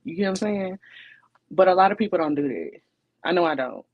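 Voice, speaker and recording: A woman's voice: fairly low pitch, expressive, a little fast, muffled recording. Chatty woman podcast co-host. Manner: chatty, rhetorical, keeps asking "you know what I'm saying". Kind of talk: casual relationship chat.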